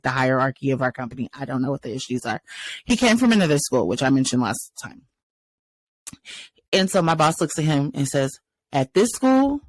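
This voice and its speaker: A woman's voice: sits low, no room sound. A woman co-hosting a podcast, telling a work story with laughs and acting out what others said. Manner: animated, retells a workplace story acting out others' lines. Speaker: podcast co-host. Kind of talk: casual storytelling chat. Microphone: podcast microphone.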